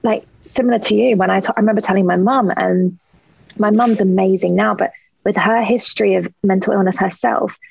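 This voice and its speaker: A woman's voice: mid-range voice, steady tone, fairly quick, vocal fry, a little mellow, husky, rough recording. A woman, a podcast guest talking candidly, earnest and thoughtful as she searches for words. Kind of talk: candid interview talk.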